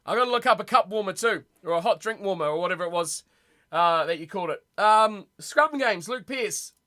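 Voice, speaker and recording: A young man hosting a casual live-stream rugby watch party from home, chatty and excitable, reacting aloud to his chat. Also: high-pitched, brisk. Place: home room.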